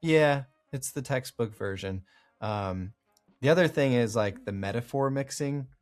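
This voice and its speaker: A man co-hosting a casual chat, animated and mocking stock AI phrasing with exaggerated groans. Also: mid-range voice, unhurried, soft background music. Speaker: podcast co-host.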